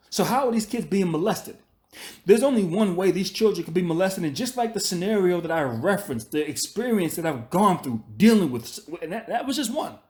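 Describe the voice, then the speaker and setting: A man's voice: sits high, a little mellow. Scolding, profane man on a rant. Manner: profane, scolding, repeats himself. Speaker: commentary channel host. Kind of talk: ranting commentary monologue.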